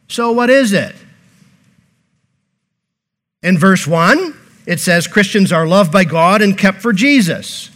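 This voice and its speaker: A man's voice: sits high, expressive, slow, long pauses, fairly bright tone. A pastor preaching a sermon, earnest and repeating key phrases, posing rhetorical questions to his congregation.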